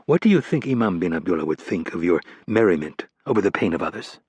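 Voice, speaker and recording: A man's voice: deep voice, lively intonation, fast talker, darkish tone, slightly rough, no echo. A man narrating an audiobook voices a weary, irritated male militant with scruples. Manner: tired and irritated.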